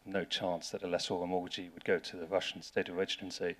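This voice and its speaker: A man's voice: deep voice, little pitch movement, fast talker, a bit bright. A man with an English accent giving a conference talk in a dry, wry way, often restarting his sentences. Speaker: lawyer giving a seminar talk. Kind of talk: conference presentation.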